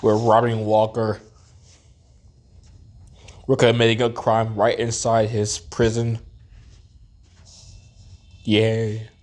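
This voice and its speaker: A man's voice: on the low side, monotone, slow pace, pauses often, darkish tone. A man with a stuffy, nasal voice giving casual gameplay commentary, thinking aloud and musing with fillers as he plays. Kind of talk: casual let's-play commentary.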